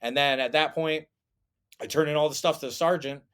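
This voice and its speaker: A man's voice: a little high, steady tone, fairly quick, fairly bright tone, clear, resonant tone. Man, former soldier, podcast guest, casual storytelling, rambling, fillers. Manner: rambling, many fillers and restarts.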